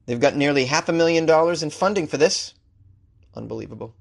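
A man's voice: a little high, a little fast, creaky. A man who hosts a comedy news podcast, reading odd stories and ranting about them with sarcastic mock outrage. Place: Los Angeles.

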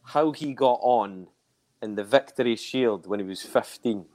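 A man's voice: mid-range voice, a little slow, darkish tone. A Scottish man hosting a casual podcast chat over a video call, joking and teasing his guest. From Scotland. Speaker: podcast host.

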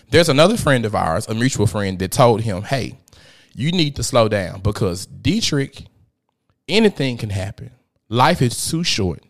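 A man's voice: mid-range voice, big pitch swings, normal speed. A man in his thirties hosting a podcast, telling a personal story in a candid, profane, emphatic way with dramatic swings in delivery. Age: 30s. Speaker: podcast host.

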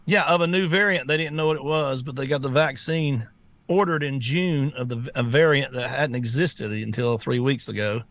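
A man's voice: mid-range voice, normal speed, fairly bright tone, no room sound. A man co-hosting a talk show, talking bluntly and scornfully and laughing often. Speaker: co-host. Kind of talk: casual talk-show banter.

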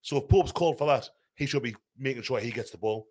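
A man's voice: mid-range voice, fast talker, a little mellow. A man, a podcast panelist in casual football chat, arguing his point step by step. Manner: argumentative, talks through the logic step by step.

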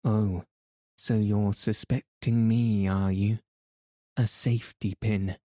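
A man's voice: lowish voice, little pitch movement, slow pace, mellow, no room sound, clean studio sound. Man reading Moncharmin, an irate manager. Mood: indignant. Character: irate, suspicious middle-aged male theatre manager.

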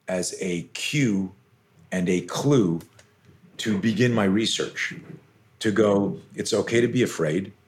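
A middle-aged man, a self-defense coach, telling stories intensely and animatedly as a podcast guest, with casual swearing. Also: low-pitched. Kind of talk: podcast interview storytelling.

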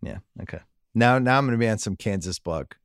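A man's voice: on the low side, animated, quick pace, no room sound, clean studio sound. A man hosting a sports podcast, chatting casually and joking through listener emails. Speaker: podcast host.

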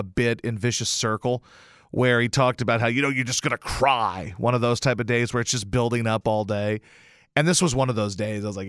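A male radio host rambles through a personal story and pokes fun at himself, cursing now and then. His voice sits at a middle pitch. The studio sound is dry and close. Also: fairly bright tone, no room sound. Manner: rambling, self-deprecating, swearing. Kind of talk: casual storytelling monologue.

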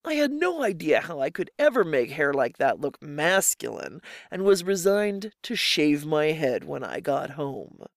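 A narrator reading a first-person story at a steady, measured pace, pitched in a middle range. The mic is close and the sound is very dry, with no room echo. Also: vocal fry. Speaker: audiobook narrator.

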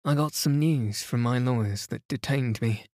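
A man's voice: mid-range voice, moderate pace, darkish tone, no room sound, studio quality, close to an everyday voice. A man voicing an earnest young captain explaining himself plainly in a bedtime story. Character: young male captain back from the tropics.

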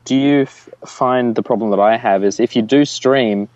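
A man's voice: medium pitch, moderate pace, darkish tone, dull audio. A man co-hosting a podcast in casual chat, joking and asking rambling questions. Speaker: podcast co-host.

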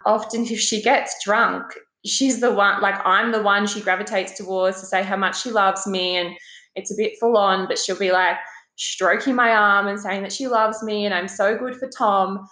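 A young pregnant woman from Australia telling a personal story in a casual, animated way, now and then leaping up in pitch to act out what others said. Her voice sits in an ordinary middle range. The recording has a roomy echo around it. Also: normal speed. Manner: animated, swears, acts out quoted voices with big pitch jumps.

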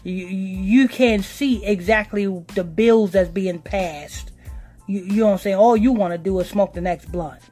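A woman co-hosting a casual talk podcast, speaking bluntly and emphatically. She keeps circling back to her points and repeats them for weight. Faint music runs softly underneath, and her pitch sits mid-range for a woman. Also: measured pace. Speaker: podcast co-host. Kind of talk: casual commentary chat.

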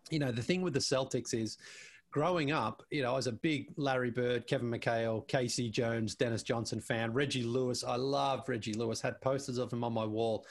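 A man speaking as a guest on a talk show, chatting in an easygoing way at a mid-range pitch. He tells his stories with animation, often stumbling, restarting and repeating words as he goes. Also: steady tone, a little fast. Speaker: basketball show panelist as guest. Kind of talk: casual interview chat.

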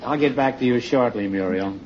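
A man hosting a quiz show, joking and teasing his contestants with quick quips. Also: medium pitch. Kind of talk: wisecracking quiz show banter. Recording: dull old broadcast recording with hiss.

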